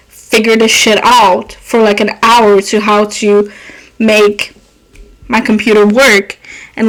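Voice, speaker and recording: A young woman hosting her own podcast, whose first language is French, telling rambling, animated stories full of swearing and laughter. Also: mid-range voice, poor audio. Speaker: podcast host. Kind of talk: casual storytelling monologue.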